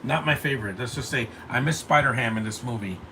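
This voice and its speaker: A man's voice: mid-range voice, fast talker, bright, forceful tone. A man giving live movie commentary, blunt and opinionated, rambling and stammering over his words. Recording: distant mic with air-conditioning hum.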